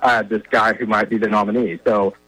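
Bright-voiced man giving political commentary. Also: lowish voice, little pitch movement, fairly quick, no echo, low-quality recording. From Virginia. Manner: conversational, filler-heavy, emphatic. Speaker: guest commentator on a phone-in line.

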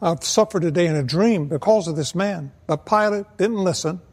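Male preacher, high voice, earnest and measured, long reverb on the voice. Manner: earnest, measured, slows for emphasis. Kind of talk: evangelistic sermon.

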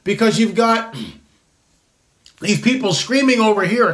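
A man in his late sixties delivers an opinionated commentary monologue as host. His voice sits unusually high for a man. He rambles, breaks off mid-sentence and restarts, and keeps adding asides. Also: animated, takes it slowly, fairly bright tone. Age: 60s.

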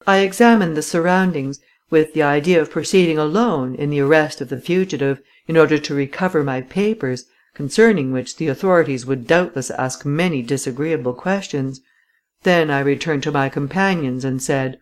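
A reader giving measured, dramatic first-person audiobook narration. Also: medium pitch.

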